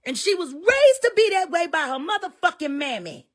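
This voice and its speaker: Profane woman ranting with lively pitch. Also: moderate pace. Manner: profane, cutting, swings between shouting and weary muttering. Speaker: live stream commentator. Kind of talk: heated live rant.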